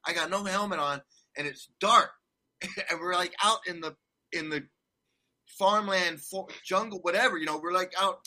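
A man's voice: sits high, normal speed, sharp tone. A man telling a rambling travel story in casual chat, laughing often and restarting his sentences. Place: condo abroad.

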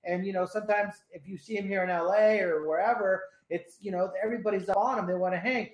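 A man's voice: high-pitched, fairly even intonation, fast. A man hosting a casual radio chat, laid-back and rambling, swearing often as he tells stories. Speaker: radio host. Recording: roomy echo.

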